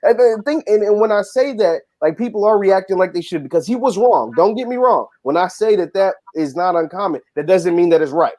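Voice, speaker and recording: A man's voice: sits high, lively intonation, brisk, few pauses, dark tone. A man with a slightly raised voice speaks as a panelist in a casual discussion. He is earnest and repeats his points to press them home. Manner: earnest, repeats himself for emphasis.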